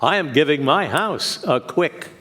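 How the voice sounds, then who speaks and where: A man reading comic limericks on a quiz show in a slow, deliberate sing-song. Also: on the high side, expressive, a bit bright.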